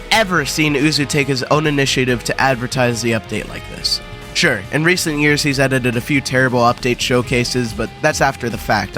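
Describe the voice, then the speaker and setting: A man's voice: medium pitch, sharp tone. A young man hosting a gaming video, delivering sarcastic, crude commentary full of profanity and mock drama.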